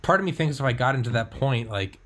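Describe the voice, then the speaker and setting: A man's voice: mid-range voice, animated, fast, a bit bright. A young man hosting a casual podcast chat, talking candidly, swearing freely and acting out his own thoughts. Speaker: podcast host.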